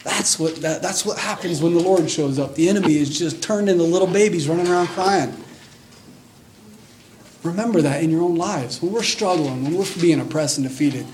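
A man preaching a sermon, telling a Bible story with lively excitement and reading scripture aloud. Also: on the high side, a little hiss or hum. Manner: animated storytelling, reads scripture aloud, acts out scenes with excitement.

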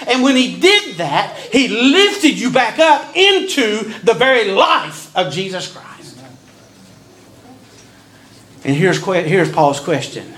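A male pastor preaching a sermon, swinging from slow, dramatic pauses to sudden loud bursts. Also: sits high, very animated, rough recording.

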